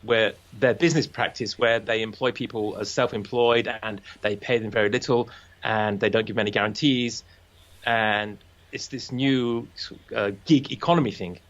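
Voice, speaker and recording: A man's voice: lowish voice, fairly even intonation, moderate pace, a bit bright. Man, casual chat about language, playful, acts out voices, muffled lo-fi audio.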